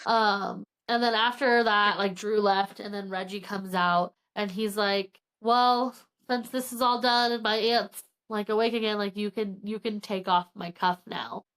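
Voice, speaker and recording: A woman's voice: medium pitch, steady tone, measured pace, fairly bright tone, clean tone. A woman co-hosting a book podcast, chatting casually and acting out the characters' lines as she retells the plot, with lots of "like" fillers.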